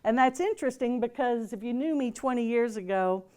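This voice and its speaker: A woman's voice: on the high side, brisk, dark tone, smooth. A woman reverend giving a casual, humorous talk to a group in a gathering room, chatty and loose, with many fillers and restarts. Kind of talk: casual spoken sermon with humor.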